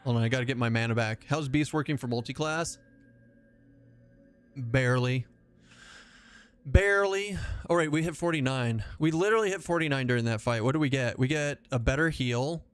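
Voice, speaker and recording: A man's voice: medium pitch, brisk, clear, resonant tone. A man live-streaming a game, chatting loosely with his viewers. He jokes around, swears casually and rambles from one aside to the next, in a mid-range voice. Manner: joking, profane, rambling asides. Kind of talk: casual livestream chat while gaming.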